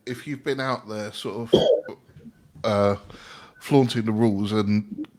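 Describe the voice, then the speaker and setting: A man joining a live online talk, speaking hesitantly with many fillers. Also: lowish voice.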